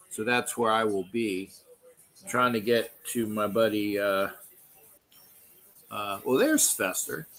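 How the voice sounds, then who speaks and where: A man's voice: medium pitch, fairly bright tone, low-quality recording. A middle-aged man, hosting a sports livestream in loose, profane, rambling chat full of restarts. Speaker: livestream host.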